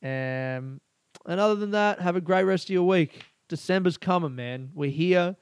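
A man's voice: sits high, normal speed, smooth, no echo. A young adult man with an Australian accent, a comedian hosting his own podcast, talking in a sweary, rambling way and acting out stories. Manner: sweary, rambling, acts out stories in raised voices. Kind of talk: solo casual podcast monologue.

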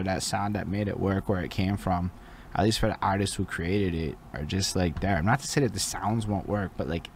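A man's voice: deep voice, a little hiss or hum. A man hosting a podcast, talking casually in a slangy, laid-back way and swearing freely.

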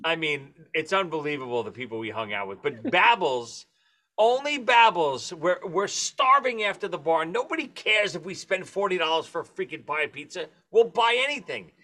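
A man with a high, bright voice tells old stories in a relaxed chat. His pitch leaps around as he laughs and jumps in, animated and loose. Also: moderate pace. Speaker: podcast host. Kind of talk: casual reminiscing chat.

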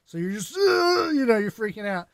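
A young man co-hosting a casual podcast, telling family stories in an animated way and laughing often. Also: sits high, fast talker, no echo. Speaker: podcast co-host.

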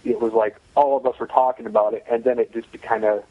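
A man's voice: mid-range voice, steady tone, fast talker, no room sound, lo-fi sound. A man telling a personal story in a casual, matter-of-fact way, with many "you know" fillers.

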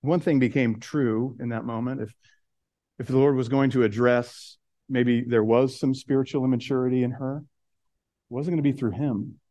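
A man preaching a sermon, earnest, slowing and dropping soft on key words, then rising as he builds. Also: steady tone, no room sound. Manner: earnest, rises in pitch and intensity as he builds. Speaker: pastor.

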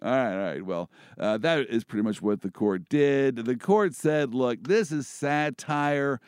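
Animated joking man, dry sound. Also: mid-range voice, normal speed, smooth, no room sound. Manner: joking, animated, many restarts. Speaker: host and First Amendment lawyer. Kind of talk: casual podcast chat about legal cases.

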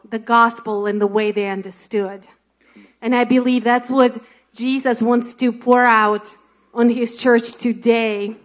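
A woman with a Russian accent sharing earnestly and personally in a sermon. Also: fairly high pitch. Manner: earnest, personal, laughs at herself.

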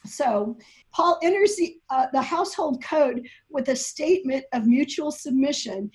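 A woman's voice: sits high, unhurried. A woman guest scholar giving an emphatic, lecturing explanation, often laughing and using technical terms. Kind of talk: animated explanatory talk.

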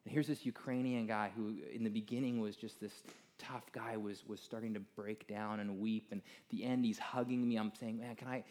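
A middle-aged American man telling a personal story to an audience in a casual, animated way, full of fillers and asides. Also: fairly low pitch, normal speed, hardly any pauses. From United States.

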